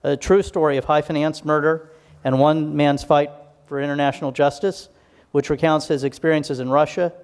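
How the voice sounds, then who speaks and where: Man with a slightly high voice introducing a guest speaker. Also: darkish tone. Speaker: event host introducing a speaker. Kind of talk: formal introduction at a live talk. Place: event hall.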